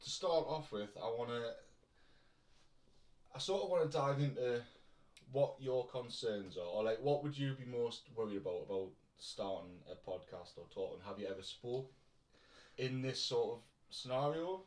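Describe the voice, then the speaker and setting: A man with a North East English accent co-hosting a podcast, chatting and joking in a relaxed way. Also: medium pitch, moderate pace. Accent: North East English, between Newcastle and Durham. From North East England. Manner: chatty, jokey, laughs often. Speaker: podcast co-host. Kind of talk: casual chat. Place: room at home. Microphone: shared microphone from a distance. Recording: echoey room, mic at a distance.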